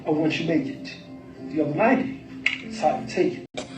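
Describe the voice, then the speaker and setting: Man as an unhurried, friendly driver, preachy, higher voice, played-back clip with loud music. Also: animated, roomy sound, recorded from a distance, close to an everyday voice, rough recording. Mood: wise. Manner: easygoing, preachy. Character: calm, friendly male driver giving life advice.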